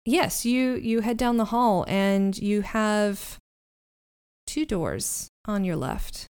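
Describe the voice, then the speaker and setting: A woman's voice: medium pitch, slow, a little mellow, smooth. A woman narrating a tabletop game as game master in an easygoing, descriptive way.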